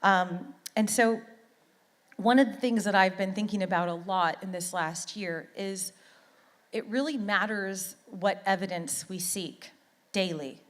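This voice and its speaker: A woman's voice: mid-range voice, measured pace, big-room sound. A middle-aged woman from Canada giving an earnest, heartfelt motivational talk as a conference speaker, often repeating words for emphasis.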